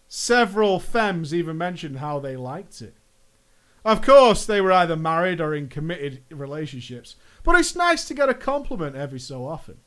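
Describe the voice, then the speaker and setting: High-voiced American man telling gaming stories. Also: a bit bright, clear, resonant tone. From United States. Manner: playful, jokey asides, drawn-out mock-dramatic phrases. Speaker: gaming vlogger. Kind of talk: casual storytelling monologue.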